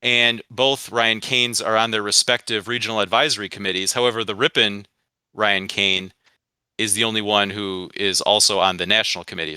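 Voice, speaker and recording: Co-hosting a casual sports podcast, this Michigan-accented Midwesterner rambles along with plenty of asides. His voice is fairly low, sharp, and smooth, captured in a dry recording.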